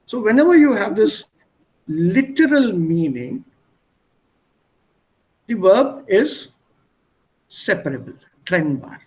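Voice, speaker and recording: Male language tutor on a video call, high voice, patient and repetitive in his explanations. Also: sing-song, slow, long pauses, a little mellow. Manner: patient, explains by repeating synonyms. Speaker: German tutor. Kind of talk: online one-on-one language lesson.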